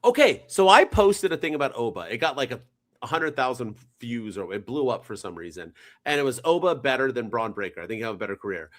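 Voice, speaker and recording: A man co-hosting a podcast, chatting casually in an animated, rambling, jokey way. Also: mid-range voice, fast talker. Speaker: podcast co-host. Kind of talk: casual chat.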